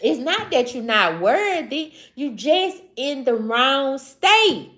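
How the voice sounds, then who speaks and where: Chatting with her stream audience, a Mississippi woman with a Southern accent talks in a loose, slangy, repetitive way. Her voice is high-pitched, fairly bright, and sing-song, delivered at a slow pace.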